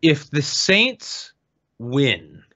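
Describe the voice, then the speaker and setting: Animated joking podcast man. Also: on the high side, extremely slow, dry recording, dull audio. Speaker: podcast co-host. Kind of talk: casual chat.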